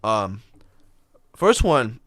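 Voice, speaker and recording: A man co-hosting a podcast, walking through the trades in a casual chat with fillers and quick asides. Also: fairly low pitch, big pitch swings, a bit bright, dry recording, studio quality. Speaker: podcast co-host.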